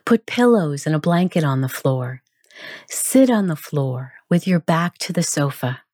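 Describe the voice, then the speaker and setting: A woman narrating a grief support guide in a calm, measured, gentle instructional manner. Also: low voice, dry recording, clean studio sound.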